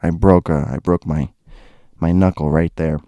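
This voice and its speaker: A man's voice: sits low, steady tone, normal speed, dark tone, dry recording, dull audio. A young man casually telling a personal story, rambling with restarts and asides.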